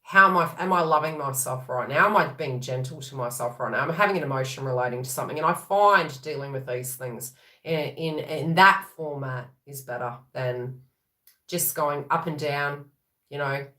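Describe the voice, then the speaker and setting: Animated woman in an echoey room. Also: low-pitched, moderate pace. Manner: animated, acts out quoted thoughts in voices. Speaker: tarot reader. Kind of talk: casual spiritual reading.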